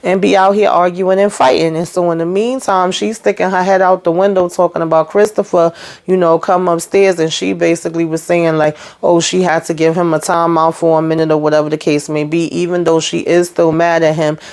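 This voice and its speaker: A woman's voice: lowish voice, level tone, brisk, darkish tone. A woman hosting a casual TV recap, chatty and sassy, retelling scenes through quoted dialogue. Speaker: reality TV recap host.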